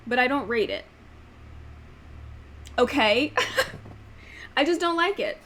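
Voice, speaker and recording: Chatty woman with a high voice. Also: lively intonation, unhurried, long pauses, fairly bright tone, slight background noise. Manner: chatty, emphatic, frequent "like" fillers; demonstrates voices with sudden pitch jumps. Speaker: book channel host. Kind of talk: casual opinion vlog.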